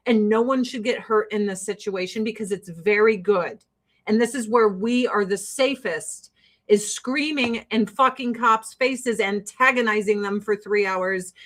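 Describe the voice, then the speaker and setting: High voiced woman host ranting on a stream, cussing, super exasperated. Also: fairly bright tone. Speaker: livestream host. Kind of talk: casual livestream commentary.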